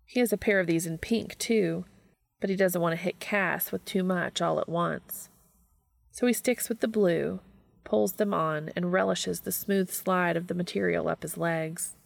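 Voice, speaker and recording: A woman narrating a work of fiction aloud in a steady, unhurried reading voice. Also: fairly low pitch, vocal fry, dry recording.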